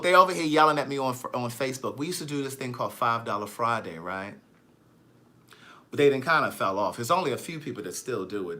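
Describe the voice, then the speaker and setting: A man chatting on a live stream, sassy and animated, reading viewer comments aloud and joking with them. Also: medium pitch. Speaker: vlogger.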